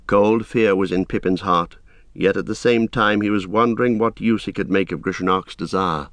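A man narrating an audiobook in a measured, steady storytelling manner. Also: lowish voice, dry recording. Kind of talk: scripted narration.

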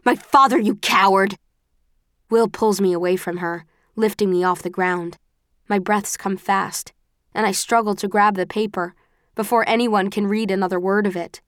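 A woman reading a first-person audiobook in a measured, even storytelling manner. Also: mid-range voice, clean tone, no room sound, clean studio sound. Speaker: audiobook narrator. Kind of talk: scripted first-person narration.

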